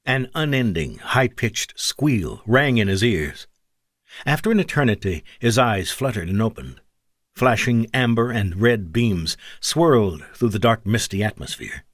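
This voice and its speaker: A man's voice: lively intonation, unhurried, dry recording, clean studio sound. A man narrating an audiobook, shifting his delivery for the characters' lines. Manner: shifts pitch and pace for character dialogue. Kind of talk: scripted narration.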